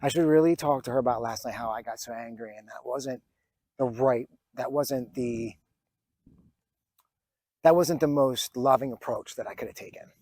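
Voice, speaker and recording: A man in his forties shares a personal story on his vlog, his mid-range voice mellow, at a normal speed, with no room sound. Earnest and reflective, he uses many fillers and restarts, and his emotion brings him close to tears at times.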